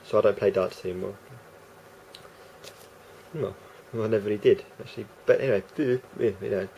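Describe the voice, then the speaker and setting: A man's voice: lowish voice, normal speed, mellow, muffled recording, slight background noise. A man rambling through a casual vlog monologue, hesitant and full of restarts and fillers. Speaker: vlogger.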